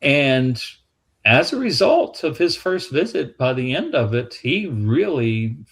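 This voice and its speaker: A man's voice: mid-range voice, big pitch swings, slow pace, a bit bright, slightly rough. Southern-accented man, museum guest, easygoing anecdotal storyteller with frequent restarts. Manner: rambling anecdotal, with restarts and acted quotes. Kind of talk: casual storytelling chat.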